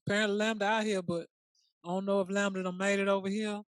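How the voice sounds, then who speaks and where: A podcast co-host chatting casually in a sassy, colloquial way, quick to react. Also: mid-range voice, little pitch movement, clean tone, no room sound. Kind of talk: casual chat.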